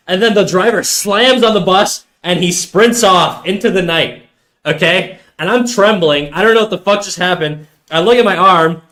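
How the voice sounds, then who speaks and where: A man live streaming, telling a story to his chat in a casual, animated and profane way. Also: high voice, moderate pace.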